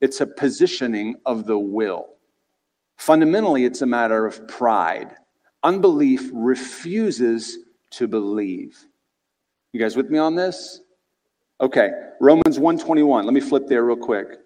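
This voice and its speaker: Male preacher with a mid-range voice, telling the story in a lively, chatty way and quizzing the audience, heard with long hall reverb. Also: mid-range voice, unhurried. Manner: conversational, animated retelling with rhetorical questions. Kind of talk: expository sermon.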